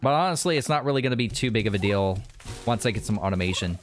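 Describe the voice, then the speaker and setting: A man's voice: lowish voice, quick pace, faint music behind. A man hosting a gaming video, talking his game through casually and thinking aloud. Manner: relaxed, thinking aloud, with restarts and laughs.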